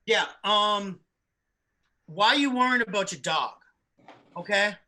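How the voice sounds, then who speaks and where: A man's voice: high-pitched, lively intonation, measured pace, bright, forceful tone, heavily acted. A man playing a blunt, pushy man obsessed with mustard who scolds people. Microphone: video call.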